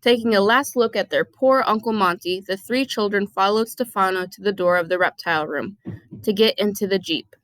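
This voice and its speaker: A woman's voice: medium pitch, moderate pace, a bit bright, no room sound, poor audio. A woman reading a children's novel aloud, narrating chapter by chapter with chatty asides and the odd stumble over rare words. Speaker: audiobook reader.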